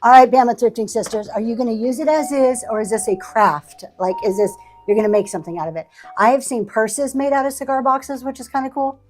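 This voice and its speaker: A woman's voice: a little high, fairly even intonation, brisk, darkish tone, soft background music. A woman running a live online auction stream, chatting casually and thanking buyers by name as she shows vintage items. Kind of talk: live selling stream chat.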